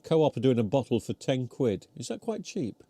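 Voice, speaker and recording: A British streamer with a mid-range, dark, slightly rough voice talks in a sing-song way at a moderate pace. Chewing and rambling, he reads comments and mocks himself while his voice wears down, recorded dry and close to the mouth.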